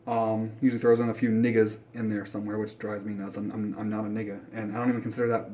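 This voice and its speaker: A young man ranting bluntly about football in a casual vlog, swearing often and jumping between mutters and loud outbursts. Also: fairly low pitch, fast, a little hiss or hum. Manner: blunt, profane, animated ranting. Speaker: sports fan vlogger.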